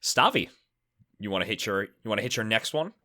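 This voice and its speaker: Man, podcast co-host, lowish bright voice, lively swinging pitch. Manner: lively, quick to react and laugh. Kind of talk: in-character casual chat.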